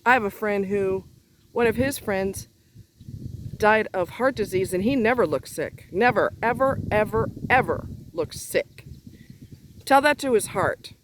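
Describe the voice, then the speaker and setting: A woman's voice: mid-range voice, measured pace, slight background noise. Woman ranting, blunt and profane. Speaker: vlogger. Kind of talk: angry personal rant.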